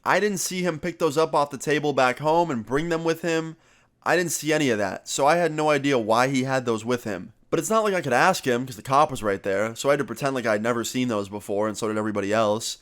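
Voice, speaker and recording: A young man vlogger telling a story in a casual, animated way and swearing freely. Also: mid-range voice, fast talker.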